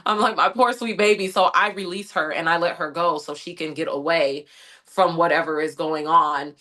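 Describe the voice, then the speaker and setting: A young adult woman from the United States, an interview guest who tells her story in an animated way and keeps quoting her own thoughts. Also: deep voice, normal speed. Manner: animated storytelling, frequent "like" and quoted inner thoughts. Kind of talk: conversational interview recounting an incident.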